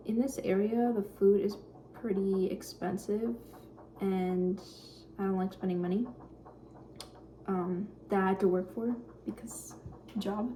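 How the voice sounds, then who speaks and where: A young woman in her twenties talks softly in her home kitchen. Her voice is mellow and warm. She rambles shyly, full of little fillers, with a faint hum in the background. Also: mid-range voice, fairly even intonation, takes it slowly. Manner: quiet, shy, rambling with many fillers. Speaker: vlogger. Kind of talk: casual cooking vlog chat.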